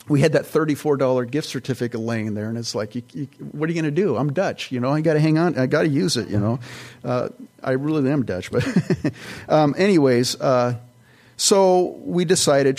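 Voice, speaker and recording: A man's voice: mid-range voice, darkish tone. A man preaching a conversational sermon, telling everyday stories in a folksy, rambling way with many restarts. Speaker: pastor.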